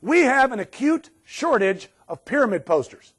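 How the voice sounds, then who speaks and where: A man's voice: very high-pitched, very animated, moderate pace, a bit bright, husky. A man giving a humorous keynote on workplace safety to an audience, sarcastic and joking, acting out what people say.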